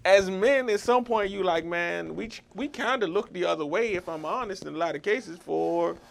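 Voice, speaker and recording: Male host, slightly high voice, slangy and animated. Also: moderate pace, vocal fry, slight background noise. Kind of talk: casual chat.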